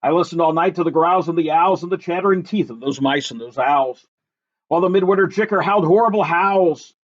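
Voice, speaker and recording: A man reading a rhyming picture book aloud in a lively, sing-song, rhythmic way. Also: fairly high pitch, brisk. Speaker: reader. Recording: dull lo-fi recording.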